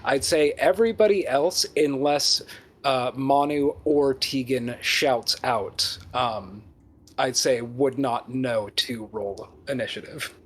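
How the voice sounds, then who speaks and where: A man runs a tabletop game as its dungeon master, his voice sitting at an ordinary middle pitch. He narrates casually and haltingly, with plenty of ums and restarts. A faint hum of noise sits behind him. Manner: hesitant, many ums and restarts.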